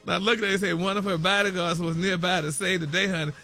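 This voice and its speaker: A man's voice: high voice, fairly even intonation, fast, bright, forceful tone, soft background music. A man hosting a celebrity news segment, dishing gossip in a campy, chatty way and dropping "honey" and "y'all" into every phrase.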